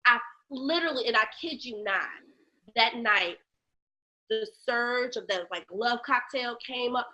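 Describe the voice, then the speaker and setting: A woman tells her own story in an interview, with a bright voice pitched a little high. She is animated and acts out other people's voices, then drops low and quiet on painful memories. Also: unhurried. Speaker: guest, lactation educator. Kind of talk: candid personal storytelling in an interview.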